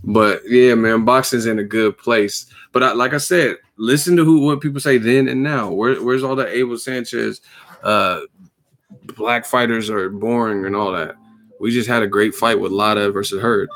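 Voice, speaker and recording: A man's voice: fairly even intonation, moderate pace, a bit bright. A man hosting a live boxing chat, casual and profane, full of slang and laughs. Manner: profane, laughing, slangy, puts on a deep announcer voice as a joke.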